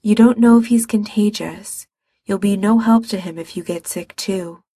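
A woman's voice: medium pitch, normal speed, warm tone, husky, dry recording, studio quality. A woman voicing a tired, practical young man. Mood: patient. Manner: patient but exasperated. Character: weary, practical young man caring for a sick friend.

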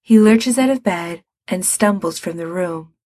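A woman reading a story aloud, narrating the scene in an even storytelling manner. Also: on the low side, unhurried, no room sound.

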